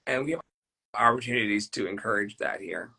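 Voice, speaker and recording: A man's voice: lowish voice, a little fast, creaky, pushed and bright, husky, rough recording. A man co-hosting an online talk show, talking earnestly and reflectively with frequent restarts. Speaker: co-host. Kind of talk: reflective casual chat.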